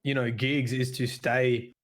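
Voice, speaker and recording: A man's voice: mid-range voice, level tone, a little slow. An Australian man co-hosting a gaming podcast, musing aloud and restarting his sentences often. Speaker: podcast co-host. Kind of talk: casual chat.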